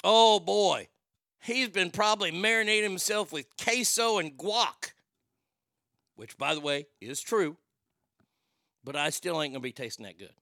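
A man in his fifties runs a radio talk show, riffing loudly and joking through his stories. His voice sits high and sounds smooth and clear. The sound is dry, with faint music underneath. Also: lively intonation, measured pace, long pauses, no echo. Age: 50s. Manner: loud, joking, rambling storyteller.

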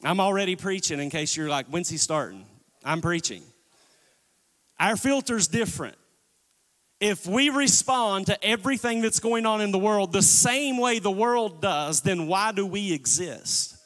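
Man, pastor, sermon, fairly high voice, long church reverb. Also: expressive, unhurried, fairly bright tone. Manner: preaching, calls for congregation response. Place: church sanctuary.

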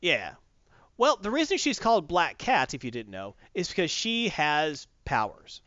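A man hosting a casual chat reviewing a comic book, rambling and animated, acting out voices. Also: fairly high pitch, moderate pace, no echo, muffled recording. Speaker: podcast host.

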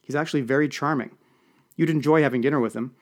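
A man's voice: mid-range voice, quick pace, voice pushed up, lightly acted. A man doing a gossipy woman lobbyist. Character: woman lobbyist party host, knowing and chatty.

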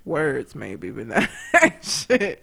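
Woman co-host, casual storyteller, swears a lot, voice swings widely in pitch. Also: takes it slowly, vocal fry, breathy edge. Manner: animated, profane, laughs often. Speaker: podcast co-host.

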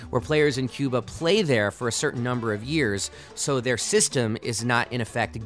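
A man's voice: mid-range voice, a bit bright. A man hosting a sports podcast, delivering passionate, argumentative commentary.

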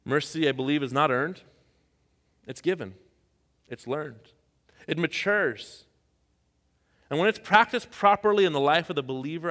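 A man from Iran, a pastor, preaching a sermon and telling personal stories, his voice dropping to a hush and rising to near shouts. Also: on the high side. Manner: storytelling, swings from hushed to shouting. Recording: long hall reverb.

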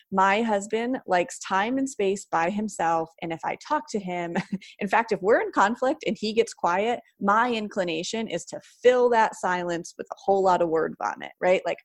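A woman's voice: medium pitch, no echo, studio quality. A woman talking casually about parenting, chatty, often adding "like" and "right?". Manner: chatty, frequent "like" and "right?" fillers. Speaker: parenting educator guest. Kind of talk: casual conversational advice.

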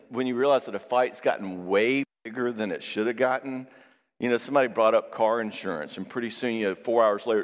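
A middle-aged man with a mid-range voice preaches on marriage, animating his stories with acted-out quotes. He often turns to the audience with "all right?" to check in, and the recording carries long hall reverb.

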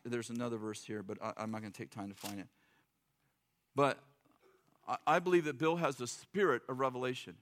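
A man's voice: mid-range voice, a bit bright. A middle-aged man preaching a sermon in a loose, joking, conversational way, acting out quotes. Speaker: pastor.

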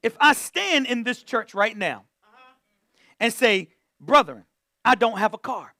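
A man's voice: extremely high pitch, lively intonation, a little slow, sharp tone, dry recording, studio quality. A man preaching a sermon to a church, repeating phrases and calling on the congregation to answer back. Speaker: pastor.

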